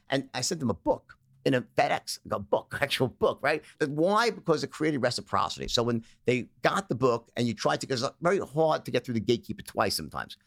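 A man as an interview guest, telling stories and acting out phone sales pitches in character. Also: creaky, fairly bright tone, no room sound, studio quality. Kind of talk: storytelling in a conversational interview.

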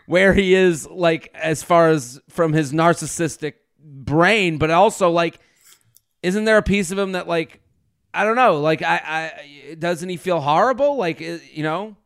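Incredulous man co-host, smooth voice. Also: on the high side, unhurried, fairly bright tone, dry recording, studio quality. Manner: probing, restarts, incredulous. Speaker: podcast co-host. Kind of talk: casual interview chat.

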